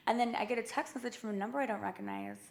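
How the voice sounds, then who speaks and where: As an interview guest, a woman with a fairly high, gravelly, slightly bright voice tells stories in a chatty way. She uses lots of fillers and quotes dialogue as she goes.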